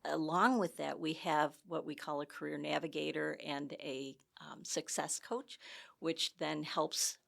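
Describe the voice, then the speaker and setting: Woman from michigan, low gravelly voice, chatty guest explaining her program. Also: fairly even intonation, measured pace, a bit bright. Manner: chatty, friendly explaining with restarts. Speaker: community education guest. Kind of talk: casual interview talk.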